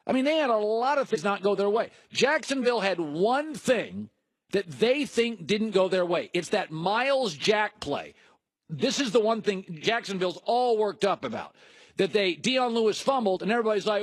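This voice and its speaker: A fairly high-voiced man hosting a heated sports debate show. He is emphatic and mocking, and he rattles off points one after another. The sound is close and dry. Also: no room sound. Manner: emphatic, mocking, rapid-fire lists. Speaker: sports talk host.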